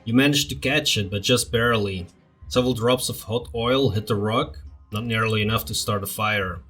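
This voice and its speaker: A man's voice: fairly low pitch, normal speed, fairly bright tone, faint music behind. A man hosting a let's play, reading game text aloud dramatically with blunt casual asides.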